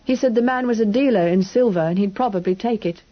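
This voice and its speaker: A woman reading an audiobook, voicing a frightened, hungry young English boy who talks quickly and anxiously. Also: mid-range voice, muffled recording, close to an everyday voice. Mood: recounting. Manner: quick, anxious, breathless questioning.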